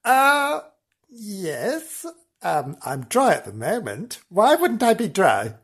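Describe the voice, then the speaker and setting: A man's voice: high voice, wildly swooping pitch, slow, fairly bright tone, husky, pitched above the performer's own voice, exaggerated voice. A man voicing a chirpy middle-aged woman out as a field reporter, fluttery and giggly. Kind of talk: comic outdoor report sketch.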